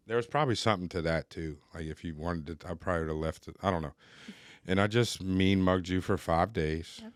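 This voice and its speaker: A podcast host with a low, fairly quick voice tells his own recovery story in a candid, loose, chatty conversation. The studio sound is clean, with no room echo.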